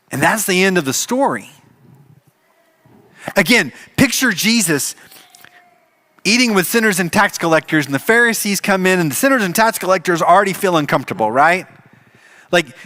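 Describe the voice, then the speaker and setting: A male pastor preaches a sermon in church. His voice is bright and a little high for a man. He tells the story in an animated way and steps into the characters as he goes.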